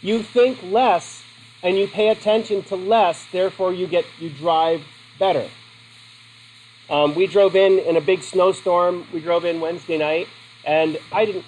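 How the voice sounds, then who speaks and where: A man's voice: high-pitched, expressive, moderate pace, warm tone, low-quality recording. A middle-aged man teaching a class in a joking, conversational way and putting questions to his students. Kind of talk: classroom lecture.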